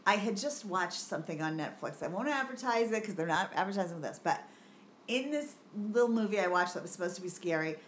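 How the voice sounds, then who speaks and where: A middle-aged woman co-hosting a podcast in casual chat, an animated storyteller who swears freely and laughs often. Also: mid-range voice, fast talker, slight background noise. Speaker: podcast co-host.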